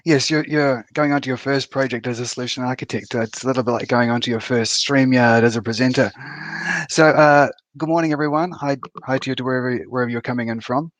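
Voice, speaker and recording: A man's voice: medium pitch, fairly even intonation, fast, no room sound. A man in his fifties giving a conference talk over a video call, casual and full of fillers and restarts. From New Zealand. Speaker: conference speaker.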